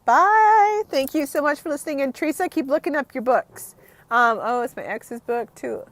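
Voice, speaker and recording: A woman in her thirties speaks frankly in an unedited, casual vlog, her high-pitched, brisk, slightly bright voice rambling and cursing now and then. She is emotional and sounds close to tears.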